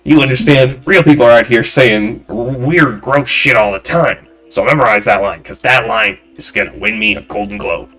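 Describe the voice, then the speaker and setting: A man voicing a loud, arrogant male film director who shouts and talks down to people. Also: mid-range voice, normal speed, hardly any pauses, faint music behind, pitched above the performer's own voice, lightly acted. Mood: brash, condescending. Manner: shouting, condescending, brash.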